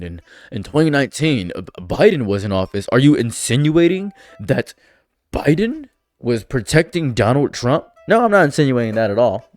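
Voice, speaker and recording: Sarcastic ranting man, animated pitch. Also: dry recording. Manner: sarcastic, exasperated, swings pitch for mock voices. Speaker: commentary streamer. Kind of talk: ranting political commentary.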